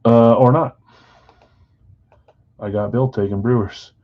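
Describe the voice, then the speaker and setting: A man hosting a live sports card break stream, chatting casually with viewers and reading out team assignments in a relaxed way. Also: mid-range voice, slow, muffled recording. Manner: relaxed, chatty, talks straight to viewers by name.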